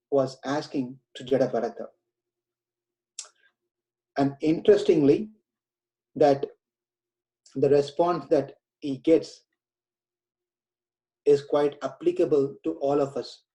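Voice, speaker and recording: A man teaching from scripture in an earnest, explanatory storytelling manner. His voice is mellow and a little high-pitched. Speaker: spiritual lecturer. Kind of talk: scripture lecture.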